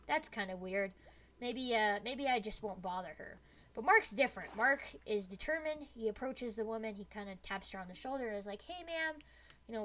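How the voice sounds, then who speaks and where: A woman streamer telling a spooky story to her chat in a casual, lively way, with many "like" fillers as she builds suspense. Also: medium pitch, a little hiss or hum.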